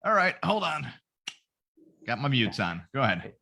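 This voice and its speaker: Man, podcast chat, lively and bright, jokey profane storytelling, exaggerated character voices. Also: mid-range voice, normal speed, vocal fry. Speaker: podcast host. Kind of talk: casual comedic podcast chat.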